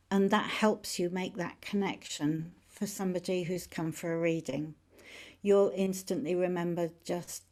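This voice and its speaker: Brief: woman tarot teacher, casual and warm in manner, talking through cards. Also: on the low side. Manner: friendly, chatty, explaining cards as she shows them. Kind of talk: informal teaching on camera.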